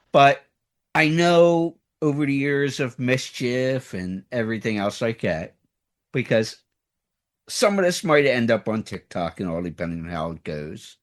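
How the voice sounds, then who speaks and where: Male podcast host with a deep voice and an unhurried, showman's carnival-barker patter. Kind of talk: casual podcast interview.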